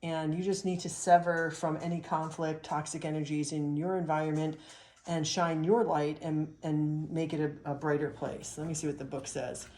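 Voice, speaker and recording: A woman's voice: sits low, level tone, moderate pace, mellow, roomy sound, a little hiss or hum. A middle-aged woman doing a chatty, upbeat spiritual card reading. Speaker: tarot and oracle card reader.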